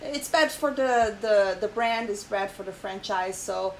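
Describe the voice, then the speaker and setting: A woman's voice: medium pitch, measured pace, a little hiss or hum, rough recording. Emotional woman vlogger chatting. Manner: emotional, frequent fillers and repeated "okay?". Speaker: channel host. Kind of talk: casual commentary, reading an article aloud.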